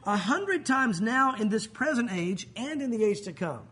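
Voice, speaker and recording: A male pastor with a strikingly high, husky voice delivers a sermon. He talks in a conversational way, leaning hard on key words for emphasis and slipping in light humor. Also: animated, normal speed, sharp tone.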